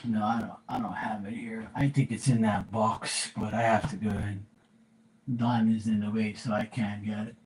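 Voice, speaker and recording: A man's voice: fairly low pitch, little pitch movement, normal speed, a little mellow, slight background noise, low-quality recording. A man hosting a live tarot stream from home, chatting casually and rambling, with some swearing.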